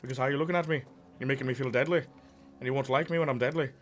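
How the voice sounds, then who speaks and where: A man's voice: medium pitch, steady tone, rapid-fire, natural voice. A man voicing an unhinged male villain in a put-on Scottish accent, rambling menace. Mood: menacing. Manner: rambling menace broken by laughter.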